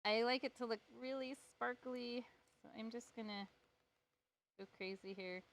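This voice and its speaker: A woman with a slightly high voice talks at a normal speed while leading a live, step-by-step painting tutorial. As she paints, she's chatty and playful and pokes fun at herself.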